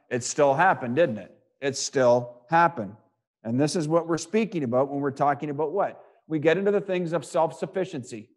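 Reading scripture and expounding on it, this male preacher uses rhetorical questions and repetition while alternating between booming and quiet passages. His voice is fairly high.

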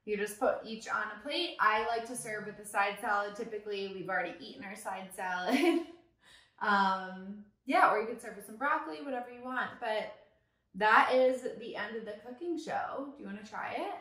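Young woman, bright, higher voice, chatty, teasing, cooking vlog co-host, echoey kitchen, distant mic. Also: moderate pace. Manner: chatty, laughs often, teasing. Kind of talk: casual cooking chat. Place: home kitchen.

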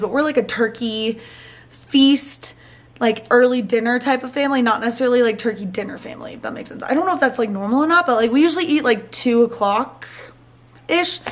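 A young woman, chatting casually to camera at home in a bubbly, rambling vlog style. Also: fairly high pitch. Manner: chatty, bubbly, says "like" and "um" often. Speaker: vlogger. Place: home, indoors.

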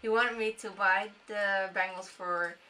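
A woman's voice: mid-range voice, fairly even intonation, measured pace, sharp tone, far from the mic, slight background noise. A young woman chatting casually in a travel haul vlog, laughing at herself and acting out her bargaining. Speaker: travel vlogger.

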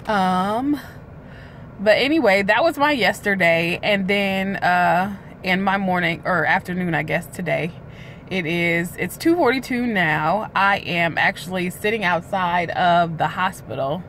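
Sitting in a car parked outside a hospital, a weight-loss vlogger talks straight into her phone camera in a casual, candid way, with lots of drawn-out filler sounds. Her voice is on the low side and a bit bright, and faint traffic noise drifts in.

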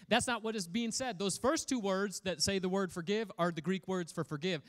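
In a church hall, a high-voiced male pastor preaches a sermon in a casual, joking way. He reads scripture aloud and keeps stopping to comment on it.

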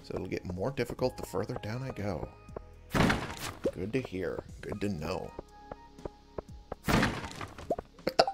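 A man's voice: lowish voice, expressive, takes it slowly, long pauses. A man giving casual let's-play commentary, chatting to himself as he plays. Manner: chatty, talks to himself while playing. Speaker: gaming video host. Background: game music.

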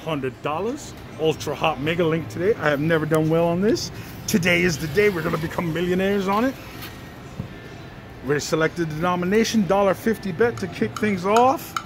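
A slot machine vlogger giving excited live commentary on a casino floor, pleading with the machine over and over. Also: mid-range voice, moderate pace, background noise. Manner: excitable, pleads with the machine, repeats "come on" and "one more". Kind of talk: excited live commentary while playing slots. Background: jingling slot machine music.

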